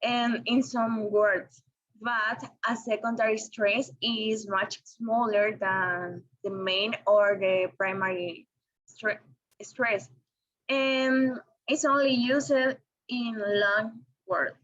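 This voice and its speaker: Woman, class presentation, slow, hesitant, dull recording. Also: on the high side, steady tone, a bit bright. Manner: slow and careful, with frequent ums and restarts.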